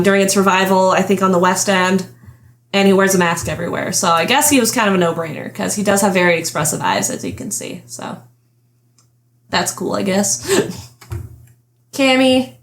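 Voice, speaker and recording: Giggly, chatty young woman podcast host. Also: mid-range voice. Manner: chatty, giggles often, trails off and restarts. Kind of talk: casual chat.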